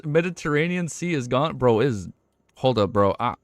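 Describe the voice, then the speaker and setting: A young man streaming live, reacting excitedly with lots of swearing and laughing at himself. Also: mid-range voice, a little fast, no echo. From United States.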